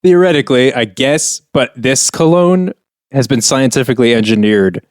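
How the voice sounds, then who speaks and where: A podcast co-host narrates a comedy script he wrote, then defends it in casual chat with an earnest, laughing manner. His medium-pitched voice is expressive at a moderate pace, recorded dry with studio quality.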